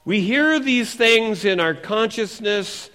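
Man, pastor, high-pitched, lively preaching, questions to the congregation. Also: takes it slowly, faint music behind. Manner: animated, asks the congregation questions. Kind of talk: sermon.

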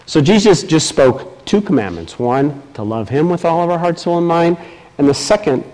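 A man preaching a sermon as pastor, reading scripture aloud with emphatic delivery. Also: low-quality recording. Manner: slow, emphatic preaching with lively swings in pitch.

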